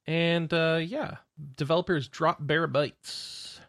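A man's voice: a little high, fairly even intonation, slow pace, a bit bright, no echo. A man co-hosting a games podcast, chatting casually in a dry, sarcastic way, sounding tired. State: tired, yawning. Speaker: podcast co-host. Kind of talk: casual chat.

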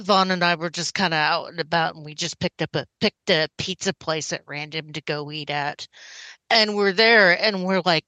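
A woman co-hosting a casual podcast, telling relaxed anecdotes and laughing easily. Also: lowish voice, moderate pace, dry recording. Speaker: podcast co-host. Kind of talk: casual chat.

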